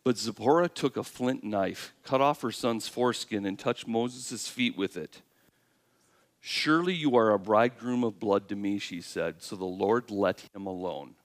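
A male preacher with a lowish voice speaks unhurriedly. His sermon unfolds as animated storytelling, with him performing the lines of God and Moses and questioning his listeners.

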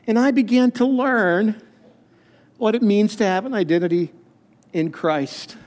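A man, a pastor, telling a personal testimony in an earnest, halting way, often restarting his sentences. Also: sits high, a little mellow.

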